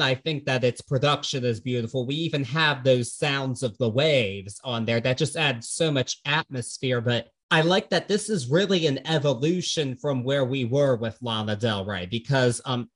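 A man's voice: mid-range voice, moderate pace, hardly any pauses, a bit bright. Earnest man reviewing an album. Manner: earnest, thoughtful. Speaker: podcast co-host. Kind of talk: casual music review chat.

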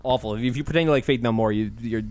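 A man's voice: medium pitch, rapid-fire, darkish tone. A man co-hosting a podcast in casual banter, blunt, sarcastic and full of swearing. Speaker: podcast co-host.

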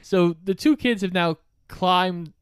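A man co-hosting a podcast, recapping a movie in relaxed casual chat and chuckling as he tells it. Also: sits high, slow, clean tone, no echo, studio quality. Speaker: podcast co-host.

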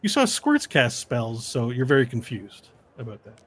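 A man's voice: mid-range voice, wildly swooping pitch, moderate pace, husky. A man narrating a tabletop game as game master, laid-back and often laughing.

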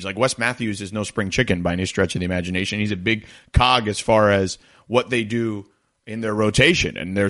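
A man hosting a sports talk radio show, rambling energetically and jumping up in pitch when excited.

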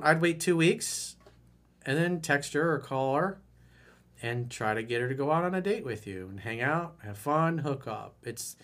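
A man's voice: fairly high pitch, fairly bright tone. A middle-aged male dating coach giving blunt, frank advice in a monologue, acting out quotes along the way.

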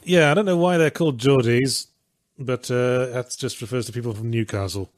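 A man's voice: medium pitch, moderate pace, no room sound. A man co-hosting a casual stream, reading out donations with dry, wry asides.

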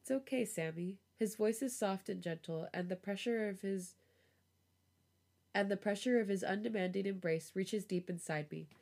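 A woman reading a romance story aloud on a podcast, with a relaxed storytelling voice. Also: mid-range voice, normal speed. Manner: laughs often, giggly reactions. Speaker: podcast host reading fan fiction aloud.

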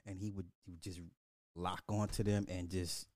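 Animated man telling stories. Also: deep voice, normal speed, dry recording, clean studio sound. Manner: animated storytelling, laughs often, swears. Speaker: podcast host. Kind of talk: casual chat.

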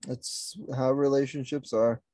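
A man's voice: medium pitch, measured pace, no room sound. Dry, teasing young man. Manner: teasing, deadpan. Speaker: podcast co-host. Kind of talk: casual podcast banter.

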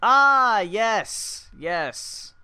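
Smooth-voiced man in wry chat. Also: sits high, big pitch swings, very slow, bright, forceful tone. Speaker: podcast co-host. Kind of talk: casual chat.

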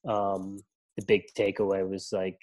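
A middle-aged man with a deep, slightly mellow voice speaks at a measured pace with a completely flat delivery. He's a podcast guest, an ultramarathon runner and coach, chatting casually and rambling with plenty of fillers and restarts.

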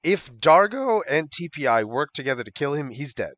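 A man co-hosting a casual podcast, telling stories in a lively way with lots of fillers and laughter. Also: on the high side, moderate pace, no echo, muffled recording. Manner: animated storyteller, many fillers and laughs. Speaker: podcast co-host.

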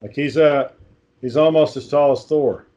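A man's voice: on the high side, normal speed, mellow, lo-fi sound. A man in casual chat, telling long stories with many fillers and restarts.

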